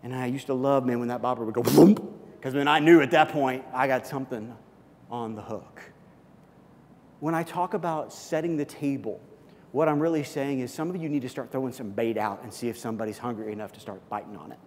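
A man preaching a sermon, animated, acting out little everyday dialogues and often repeating his words. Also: mid-range voice, a little fast, slight background noise. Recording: long hall reverb.

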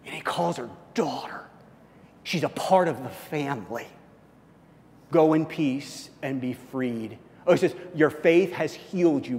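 A man preaching a sermon as pastor, swinging from loud high bursts to low hushed lines. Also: slight background noise. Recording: long reverb of a church hall.

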